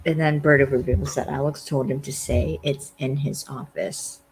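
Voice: medium pitch, fairly even intonation, normal speed, a little hiss or hum, low-quality recording. A podcast host casually recapping a TV episode, rambling with lots of fillers and acting out the characters' lines. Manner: rambling, lots of "like", acts out quotes.

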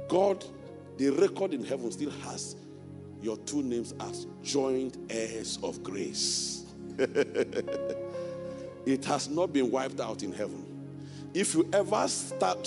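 A man preaching a sermon and leading an altar call, repeating phrases in a fervent sing-song way and at times speaking in tongues. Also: a little high. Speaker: pastor. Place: church sanctuary. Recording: long church reverb with music behind.

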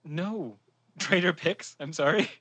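A man playing a tabletop game, speaking in a dry, deadpan, bewildered way. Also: a little high, slow pace, husky, dry recording. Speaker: player.

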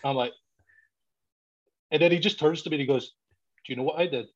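A man's voice: a little fast, slight background noise. Man telling a raunchy story, lo-fi. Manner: swears a lot, laughs while telling a story. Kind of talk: casual storytelling. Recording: dull, low-fidelity recording.

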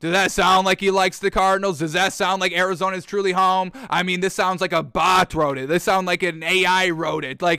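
A man talks through sports news on his own show in a loose, sarcastic, chatty way, often speaking straight to his listeners. His voice sits high and sounds bright and crisp. The recording is dry and close, with no room sound. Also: steady tone, brisk, few pauses, no echo. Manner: sarcastic, mocks officials with put-on quotes; conversational, addresses listeners as folks and y'all. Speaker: sports commentary host. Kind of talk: solo sports commentary.

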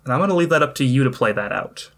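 A man running a tabletop game as game master, narrating scenes in a measured, descriptive way. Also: medium pitch, expressive. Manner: measured descriptive storytelling with occasional fillers.

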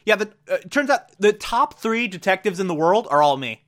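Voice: mid-range voice, big pitch swings, fairly quick. A podcast host giving a chatty, laughing episode recap full of filler words.

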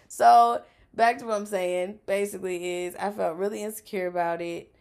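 A woman from South Louisiana hosting a podcast in casual chat, candid and quick to laugh, swearing freely. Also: medium pitch, fairly even intonation, creaky, darkish tone. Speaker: podcast host.

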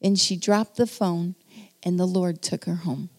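A woman giving an earnest testimony sermon, telling her story with pauses and then calling the congregation to stand. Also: on the low side, fairly even intonation. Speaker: preacher.

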